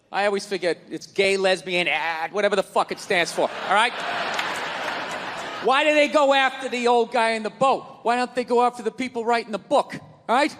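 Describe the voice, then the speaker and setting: A man doing a stand-up comedy set on stage, ranting loudly and cursing freely into a handheld microphone. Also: high-pitched, in a large hall, a little hiss or hum. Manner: loud, ranting, profane. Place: stage before a live audience. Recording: live comedy club with audience.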